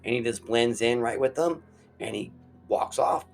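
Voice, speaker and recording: A man hosting a casual movie review from his basement studio, talking in a loose, excitable, profane way. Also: mid-range voice, moderate pace, creaky, soft background music.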